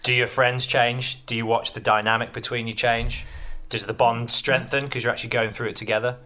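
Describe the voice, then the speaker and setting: A man's voice: mid-range voice, little pitch movement, brisk, bright, forceful tone. A man hosting an interview, recapping and asking probing follow-up questions. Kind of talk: podcast interview.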